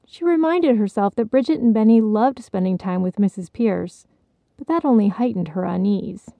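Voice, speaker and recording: A woman reads a story aloud in a gentle, measured way. Her voice is mellow and darkish with a gravelly edge, recorded close and dry. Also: mid-range voice, animated, dry recording. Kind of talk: scripted story narration.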